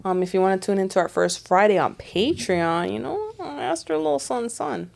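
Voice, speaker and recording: A young woman co-hosting a casual podcast chat, animated, laughing and swearing freely. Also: mid-range voice, a little fast, vocal fry. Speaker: podcast co-host.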